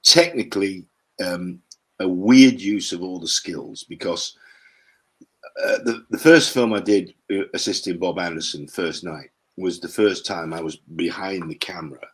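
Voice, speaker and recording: An older man telling rambling stories as an interview guest, with a low, husky voice. He pauses often and clears his throat between his memories. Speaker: actor, guest. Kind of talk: interview chat, storytelling.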